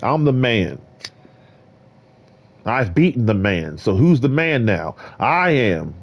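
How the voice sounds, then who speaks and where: Boastful male streamer, preachy rambling monologue to viewers, close mic in a soft carpeted room. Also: mid-range voice, big pitch swings, slow, creaky. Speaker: gaming streamer. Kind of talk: rambling solo stream talk. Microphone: desk mic in a carpeted room.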